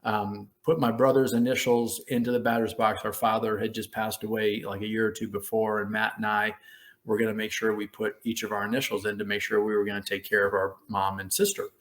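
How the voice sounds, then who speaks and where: A middle-aged American man sits as a podcast guest and spins a story from his playing days. He talks at an easy conversational pace, then pitches his voice way up to act out the shouts of coaches and his own excited replies. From United States. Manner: animated storyteller who acts out quotes in a raised voice. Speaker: former baseball player, guest.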